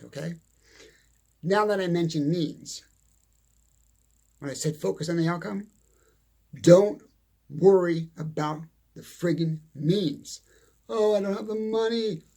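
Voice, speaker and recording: A man's voice: on the high side, a little mellow. A middle-aged man giving a blunt, emphatic motivational talk, repeating his points and cursing mildly. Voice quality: gravelly, husky. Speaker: motivational speaker. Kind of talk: motivational monologue.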